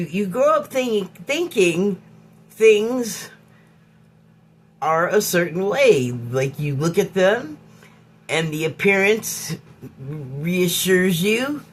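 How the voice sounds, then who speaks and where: A woman hosting her own podcast, speaking in an unscripted, reflective monologue. She talks in a halting, musing way, often pausing to search for words and restarting her phrases. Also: lowish voice. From Hollywood, United States. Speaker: podcast host.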